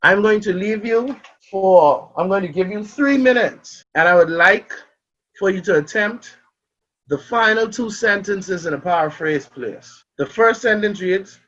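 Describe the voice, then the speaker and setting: A Bahamian man with a fairly high voice teaches an online class, calling on students by name and walking through examples. The sound is dull and muffled, as on a video call. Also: animated, measured pace, a bit bright. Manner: calls on students by name, asks and answers questions.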